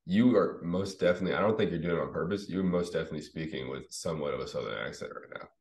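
A man hosting a podcast, chatting casually in a relaxed, teasing way. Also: sits low, racing. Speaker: podcast host. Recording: roomy echo.

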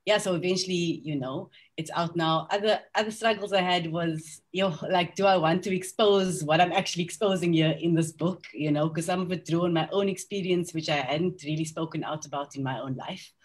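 A woman's voice: on the low side, brisk, hardly any pauses. A woman author on a panel discussion, speaking candidly and reflectively about her novel, with frequent ums and restarts. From South Africa.

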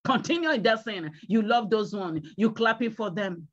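A woman's voice: mid-range voice, lively intonation, normal speed. A woman evangelist delivering a sermon with emphatic, repetitive exhortations and pleading calls to repent. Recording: dull lo-fi recording.

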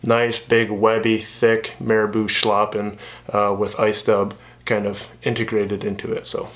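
A man teaching fly tying at his bench in a relaxed, chatty way, with many fillers and restarts. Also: fairly low pitch, a little slow. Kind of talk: casual tutorial narration.

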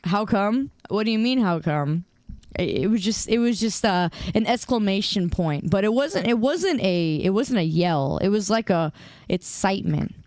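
Woman, 20s, livestream streamer, casual chat, playfully defensive, halting restarts, smooth clear voice, dry close sound. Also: mid-range voice, lively intonation, a little mellow, no echo.

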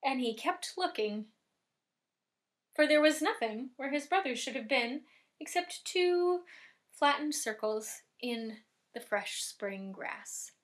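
A woman storyteller telling a folk tale to families, dramatic, swelling loud and dropping soft. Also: sits high, animated, slow pace. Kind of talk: lively oral storytelling for families.

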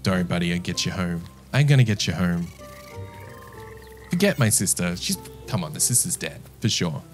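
A man with a low voice talks through a game in a loose, rambling way. He teases himself and chats to the characters on screen, and his pitch swings widely. Faint music plays beneath him. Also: sing-song, normal speed. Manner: rambling, self-mocking, chatty with game characters. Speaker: gameplay commentator. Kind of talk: casual let's-play commentary.

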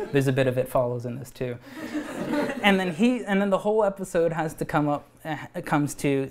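Animated, rambling man pitching his cartoon. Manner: rambling and animated, laughs often, many restarts. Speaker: animator and show creator. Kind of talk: pitching a cartoon at a live event. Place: live event venue.

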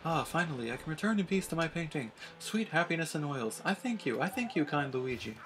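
A man raises his voice to play a grandiose female ghost fortune teller from a video game. She chants and swoons over her crystal orb in a high, theatrical register, full of melodrama. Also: big pitch swings, a little fast, a bit bright, slight background noise. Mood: dramatic. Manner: melodramatic, incantatory.

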